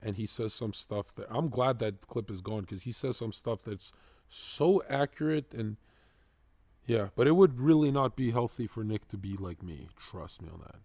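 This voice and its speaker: Male streamer: crude, excitable, joking reaction commentary in a dry, close recording. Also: fairly low pitch, moderate pace, dry recording. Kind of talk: casual profane live-stream commentary.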